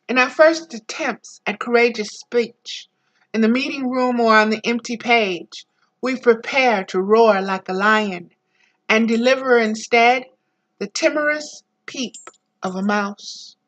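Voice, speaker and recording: Reading a book aloud as a spiritual teacher, a woman speaks slowly and deliberately, now and then breaking off into soft, low personal asides. The highs in the audio are cut off.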